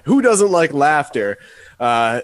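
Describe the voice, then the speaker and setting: A man co-hosting a loose comedy podcast, giggling a lot and swearing freely. His voice sits a little high and swings widely. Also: very animated, takes it slowly, dry recording. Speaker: podcast co-host. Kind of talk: casual comedic chat.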